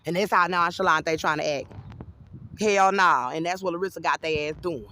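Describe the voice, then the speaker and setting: A woman's voice: on the low side, fairly quick, sharp tone. A woman giving an agitated, rambling personal monologue to camera, swearing freely. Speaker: vlogger.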